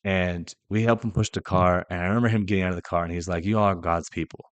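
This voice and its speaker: Young male podcast host, lowish voice, dead-dry sound, impassioned and blunt with plenty of cursing. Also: steady tone, quick pace, no echo. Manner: impassioned and blunt, swears freely, swings from loud emphasis to quiet asides. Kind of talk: casual faith podcast monologue.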